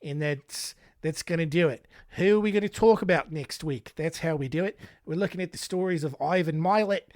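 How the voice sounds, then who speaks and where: A man's voice: fairly high pitch, fairly quick, few pauses, a little mellow, dry recording, clean studio sound. An American man hosting a podcast in a put-on Australian accent that drifts toward British, Scottish and Irish, talking casually with rambling, self-mocking asides. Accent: put-on Australian accent that wanders toward British, Scottish and Irish. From United States. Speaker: podcast host.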